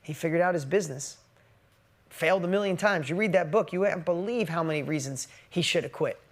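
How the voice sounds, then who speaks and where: A man in his forties giving a motivational business talk, emotional and shifting from loud emphatic bursts to quiet reflection. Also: a little high, brisk. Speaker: business speaker.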